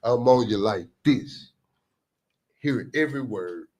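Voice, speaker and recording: Animated man on radio. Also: medium pitch, slow pace. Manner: animated storytelling, laughs often. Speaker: radio show host. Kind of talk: casual radio chat. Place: radio studio.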